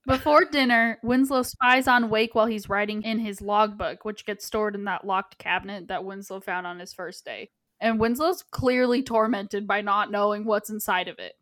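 A woman's voice: mid-range voice, steady tone, normal speed, a bit bright, no room sound. A woman co-hosting a casual film podcast, retelling scenes in a chatty way with lots of fillers. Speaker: podcast co-host. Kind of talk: casual chat recapping a film.

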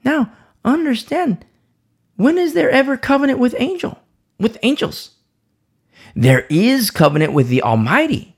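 Gravelly-voiced man preaching with emphasis. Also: extremely high pitch, big pitch swings, a little slow, long pauses. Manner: emphatic, repeats phrases for stress. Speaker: Bible teacher. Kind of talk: Bible study sermon.

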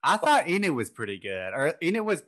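A man's voice: on the high side, very animated, fairly quick, fairly bright tone. A man on a casual movie review podcast who often chimes in and thinks aloud. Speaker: podcast co-host.

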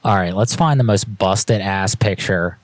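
A man's voice: low voice, unhurried, no room sound. A man co-hosting a stream, making crude, mocking jokes. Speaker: streamer co-host.

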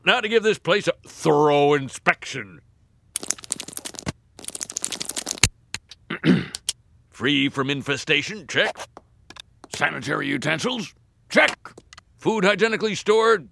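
An actor voicing a crude, jovial male health inspector in a cartoon with a gravelly voice. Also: on the high side, sing-song, measured pace, pauses often, noisy background, full character voice. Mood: officious. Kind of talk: cartoon voice acting.

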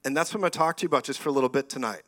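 Preaching a lively charismatic sermon, a middle-aged man talks very fast at a medium pitch. He's animated and laughs often, his voice climbing into loud exclamations.

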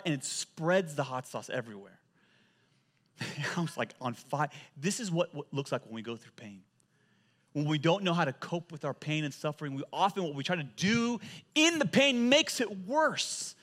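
Man, pastor, sermon, animated storyteller, repeats words, slightly high pitch. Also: moderate pace.

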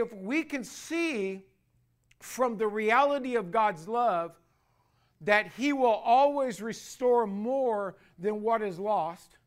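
A male pastor preaching a sermon, building to loud, drawn-out emphasis on key phrases and calling the congregation to repeat after him. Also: sits high.

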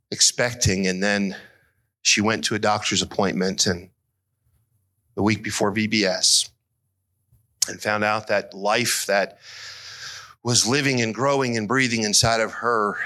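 A middle-aged man preaching a sermon as pastor, earnest and emotional, his voice climbing high as he is moved. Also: pushed and bright.

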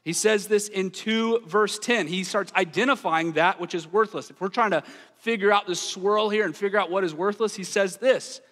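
A man in his thirties preaches with a high, bright and forceful voice. He stays earnest and emphatic, leaning into scripture readings with dramatic weight. The sound rings through a long hall reverb. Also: normal speed. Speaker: pastor. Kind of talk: sermon.

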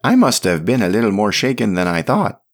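A man's voice: on the low side, big pitch swings, fairly quick, pitched above the performer's own voice. A man voicing a stubborn elderly male monk who grumbles theatrically. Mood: grumbling. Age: older. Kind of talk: audiobook character reading.

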